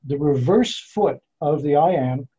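Male poet, interview guest, husky and slightly high, careful measured delivery. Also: warm tone. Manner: measured, explanatory, slows down to spell out meter. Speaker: poet and author being interviewed. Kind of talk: thoughtful interview answers. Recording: dull lo-fi sound.

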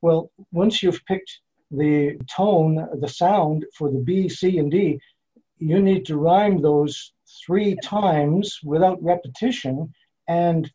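Male poet, interview guest, husky and slightly high, careful measured delivery. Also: dark tone. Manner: measured, explanatory, slows down to spell out meter. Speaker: poet and author being interviewed. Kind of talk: thoughtful interview answers. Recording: dull lo-fi sound.

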